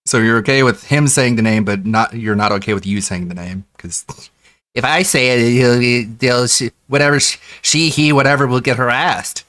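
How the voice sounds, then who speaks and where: A man's voice: mid-range voice, normal speed, fairly bright tone, no echo, studio quality. A man casually recounting a story to a friend, laughing and quoting others. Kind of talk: casual chat.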